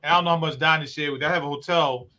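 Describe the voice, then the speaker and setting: A man's voice: fairly high pitch, steady tone, racing, sharp tone. A man who runs a recovery program, hosting a talk show and explaining his work earnestly. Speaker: host, recovery program owner. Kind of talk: conversational talk show discussion.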